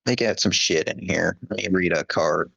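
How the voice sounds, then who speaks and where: Deep-voiced laid-back podcast co-host. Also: male voice, moderate pace, vocal fry, fairly bright tone, muffled recording. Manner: laid-back, rambling, filler-heavy. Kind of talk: casual chat. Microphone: headset.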